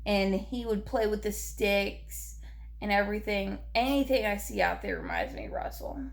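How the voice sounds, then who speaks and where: A young woman, talking in a personal vlog about her grief, halting and repeating herself, short on sleep. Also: mid-range voice, vocal fry. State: grieving, lacking sleep. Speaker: vlogger.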